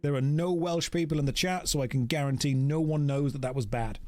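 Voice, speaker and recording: A man's voice: fairly high pitch, fairly quick, a little mellow, dry recording. An Englishman with an English accent, casually commentating his game stream in a joking, self-mocking way.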